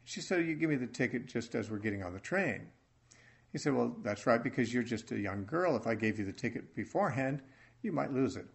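A man teaching from the Bible in an earnest sermon, speaking haltingly and restarting his phrases often. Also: mid-range voice, animated, gravelly. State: choked up with emotion.

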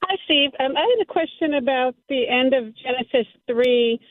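A woman calling in to a radio program, asking her question earnestly and a little haltingly. Her voice is fairly high. It comes through a narrow, tinny telephone line. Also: expressive, no room sound. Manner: earnest, slightly halting, with small repeats. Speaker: caller. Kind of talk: call-in question. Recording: phone line.

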